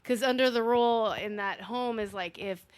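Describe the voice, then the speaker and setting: A young woman in casual chat, animated and profane, quoting characters in put-on voices. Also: fairly high pitch, normal speed, no echo.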